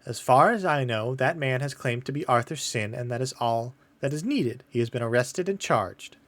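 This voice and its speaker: A man's voice: mid-range voice, expressive, moderate pace, fairly bright tone, dry recording, close to an everyday voice. A man voicing a bored, dismissive male prison guard who brushes off visitors. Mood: stiff. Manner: curt, dismissive.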